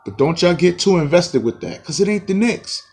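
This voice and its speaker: Husky fired-up New man ranting. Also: sing-song, moderate pace. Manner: profane, boastful, taunting, swings loud and high. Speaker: sports vlogger. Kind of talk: fired-up basketball rant.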